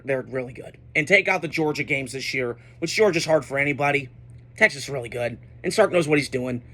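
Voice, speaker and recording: Young male sports commentator, high bright voice, blunt and unfiltered. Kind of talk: casual sports reaction monologue.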